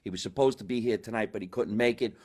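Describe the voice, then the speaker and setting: Hammy New comedy host. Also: male voice, fairly low pitch, quick pace. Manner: loud, hammy showman, big swings in volume. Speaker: podcast host. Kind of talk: live comedy show hosting. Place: basement.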